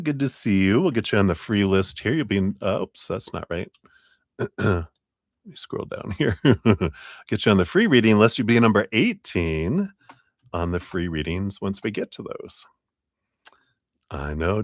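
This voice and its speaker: A low-voiced man reads tarot on a live stream, his pitch swooping up and down as he giggles and hums little sing-song sounds. He talks in an unhurried way, and the room around him sounds dry and close. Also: animated, no echo. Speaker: tarot reader.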